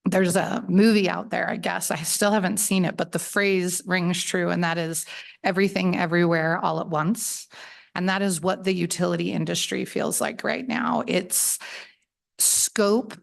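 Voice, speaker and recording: A woman's voice: fairly low pitch, fairly even intonation, normal speed. A woman giving friendly, conversational testimony to a legislative committee at a table microphone, often restarting her phrases as she explains. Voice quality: gravelly. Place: legislative committee hearing room.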